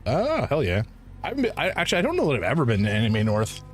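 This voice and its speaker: A man's voice: mid-range voice, wildly swooping pitch, racing, soft background music. A man streaming a game, chatting casually in a rambling, hesitant way. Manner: rambling, hesitant, with many fillers. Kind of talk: casual gaming stream chat.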